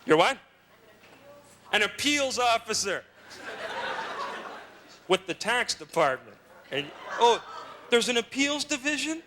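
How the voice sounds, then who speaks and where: This middle-aged stand-up host has a very high-pitched voice that swings widely in pitch, keeping a measured pace broken by long pauses. He teases the comedy club audience sarcastically while their loud laughter and noise dominate the recording.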